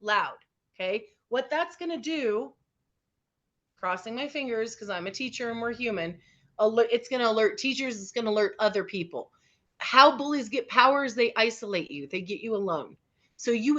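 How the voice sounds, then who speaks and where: A woman's voice: on the high side, lively intonation, normal speed, pushed and bright. Encouraging woman teacher on a call. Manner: upbeat and encouraging, often checking in with the group. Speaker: teacher leading a teen workshop. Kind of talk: interactive online lesson. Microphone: video call. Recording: slightly dull online call audio.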